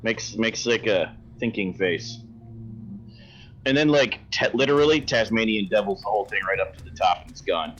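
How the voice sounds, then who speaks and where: A man's voice: fairly low pitch, animated, moderate pace, a bit bright, muffled recording, slight background noise. A man narrating as game master of a tabletop game, playful and descriptive.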